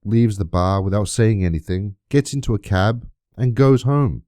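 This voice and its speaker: Guy ranting at the camera, low mellow voice, really dry close sound. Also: moderate pace, no room sound. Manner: indignant, emphatic, rhetorical questions. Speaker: YouTube creator. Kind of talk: aggrieved monologue to camera.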